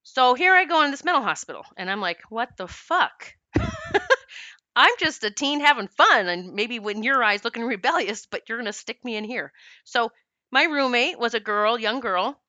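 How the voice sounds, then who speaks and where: A woman's voice: fairly high pitch, big pitch swings, moderate pace, pushed and bright, dry recording, muffled recording. A middle-aged woman telling her life story candidly, laughing often and acting out what people said. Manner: acts out quoted voices of herself and others. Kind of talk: personal storytelling to camera.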